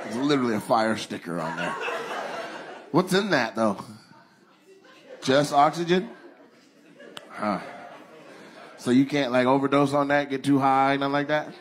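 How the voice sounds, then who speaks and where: A man's voice: medium pitch, measured pace, pauses often, background noise. A male stand-up comedian doing crowd work, teasing and roasting the front row in a profane style. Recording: live stand-up show with loud crowd laughter.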